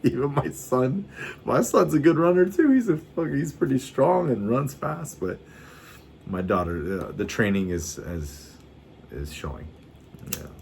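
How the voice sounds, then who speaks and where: A man's voice: medium pitch, very animated, unhurried, vocal fry, a little mellow, slight background noise. A middle-aged man telling rambling stories in casual chat, swearing freely and often restarting his sentences. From United States. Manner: laid-back rambling storytelling, swears a lot, often restarts. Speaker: vlogger.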